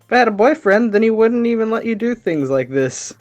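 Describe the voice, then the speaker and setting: A woman's voice: a little high, lively intonation, fairly quick, a little mellow, no room sound, close to an everyday voice. A woman voicing a bubbly teenage schoolgirl. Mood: teasing. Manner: playful, giggly line reading. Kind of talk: amateur dub of a game. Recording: background game music.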